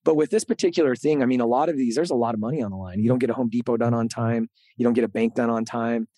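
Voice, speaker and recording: Middle-aged man, podcast host, candid storytelling, earnest, animated, repeats words, mid pitch, dry close mic. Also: very fast, no room sound. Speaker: podcast host being interviewed.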